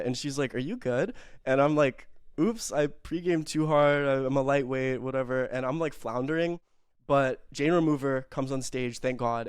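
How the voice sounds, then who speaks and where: A man's voice: medium pitch, smooth, no echo, clean studio sound. A young man telling a rambling, self-mocking story in casual chat, full of fillers and swearing.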